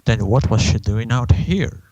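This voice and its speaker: A man's voice: medium pitch, lively intonation, a little slow, warm tone, dry recording, lo-fi sound, close to an everyday voice. Man reading as a stern comic heroine.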